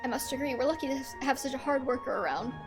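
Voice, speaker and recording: A woman reading the lines of a calm, polite male ninja in a game scene. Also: high-pitched, quick pace, over music, close to an everyday voice.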